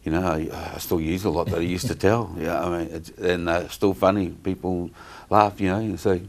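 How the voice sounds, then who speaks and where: Very deep-voiced New man, rambling. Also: steady tone, moderate pace, a little mellow. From New Zealand. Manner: rambling, many fillers and restarts. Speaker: guest entertainer. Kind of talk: casual interview chat.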